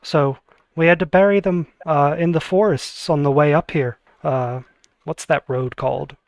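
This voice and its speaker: A man's voice: fairly high pitch, fairly even intonation, moderate pace, no echo, clean studio sound, natural voice. A man voicing an evasive young woman who speaks hesitantly about her family.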